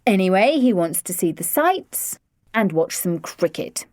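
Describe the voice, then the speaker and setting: A woman's voice: mid-range voice, very animated, unhurried, a little mellow. A woman voicing an exasperated middle-aged father who speaks in clipped, firm tones. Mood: stern.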